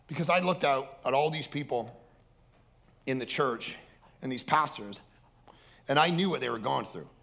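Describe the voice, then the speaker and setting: A male pastor preaching with a high-set, sharp and bright voice that has a gravelly edge. He talks loudly and in an animated way, throwing himself into an energetic sermon. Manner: animated, loud, acts out other people's voices.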